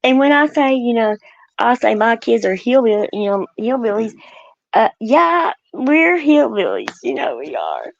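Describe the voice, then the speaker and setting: A woman's voice: on the high side, sing-song, moderate pace, gravelly, no echo, muffled recording. A woman from Oklahoma with a country accent, chatting casually as a guest and rambling through many fillers and restarts. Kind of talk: casual chat.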